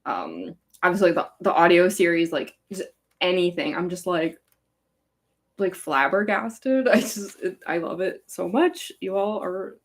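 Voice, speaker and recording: A young woman speaks a little slowly in an expressive, lowish voice while hosting a live Q&A about her fanfic. She is from Chicago but has a California-sounding accent, and her casual livestream chat rambles and giggles in valley-girl fashion, peppered with likes and ums.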